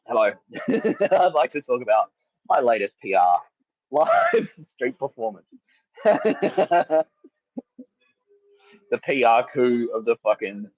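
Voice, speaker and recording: A man hosting a comedy podcast, telling a rambling story with lots of swearing, laughter and loudly acted-out quotes. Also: mid-range voice, husky, no room sound, muffled recording. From Australia. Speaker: podcast host.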